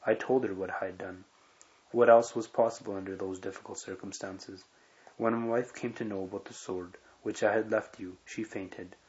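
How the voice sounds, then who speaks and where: A man reading the lines of a cautious, sympathetic married man in a measured, reassuring tone. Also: fairly low pitch, steady tone, a little mellow, lightly acted. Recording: dull lo-fi recording.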